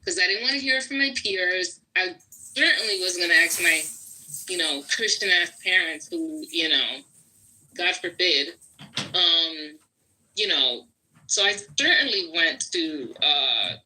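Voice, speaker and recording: Woman panelist, bright, lively, candid, lots of "you know". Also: fairly low pitch, a little slow, slight background noise, rough recording. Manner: candid, lots of fillers, profane. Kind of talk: casual chat.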